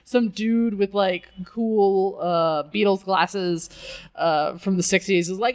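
A woman's voice: medium pitch, slow. A woman co-hosting a podcast in casual chat, sarcastic and profane, laughing often. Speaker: podcast co-host.

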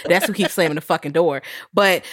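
A woman co-hosting a podcast, chatting casually in a profane, animated and joking way. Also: on the low side, brisk, background noise. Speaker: podcast co-host. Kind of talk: casual chat.

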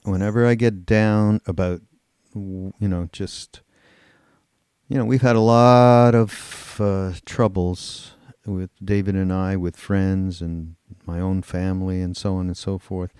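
A man's voice: low-pitched, steady tone, unhurried, a little mellow, clean tone, no echo, studio quality. A man co-hosting a podcast, telling loose, rambling anecdotes in casual chat, laughing and swearing as he goes. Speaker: podcast co-host.

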